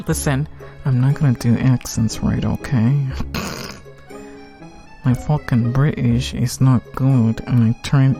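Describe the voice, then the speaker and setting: A woman's voice: a bass voice, very animated, slow, pauses often, over music. A woman streamer giving giggly, swearing, casual commentary on a game.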